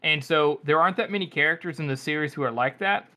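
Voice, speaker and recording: A man's voice: a little high, quick pace, pushed and bright. A man co-hosting a casual book podcast who talks in a thoughtful, hesitant way. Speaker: podcast co-host.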